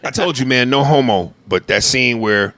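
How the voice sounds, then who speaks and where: A podcast host with a medium-pitched, sharp-toned voice talks at a normal speed with lively intonation. He jokes crudely and animatedly in casual chat, sometimes slipping into the role of a bossy film director.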